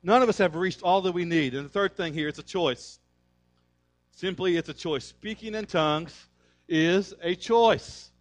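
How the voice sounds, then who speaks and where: A male pastor preaching a sermon, emphatic and energetic, calling on the congregation to respond. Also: high-pitched, moderate pace, faint music behind. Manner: conversational storytelling.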